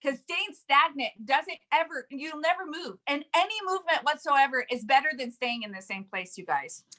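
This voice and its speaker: A woman leading a sales team, giving an energetic, emphatic motivational talk with frequent laughs. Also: high voice, normal speed. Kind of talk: casual motivational chat.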